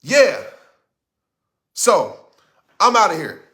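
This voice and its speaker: A man's voice: high voice, wildly swooping pitch, extremely slow, a bit bright. A man giving a blunt, impassioned motivational talk. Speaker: motivational speaker.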